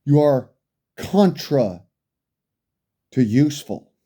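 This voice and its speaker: Male commentator, angry profane rant, mellow low timbre, very animated pitch. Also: slow pace. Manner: profane, furious, berating.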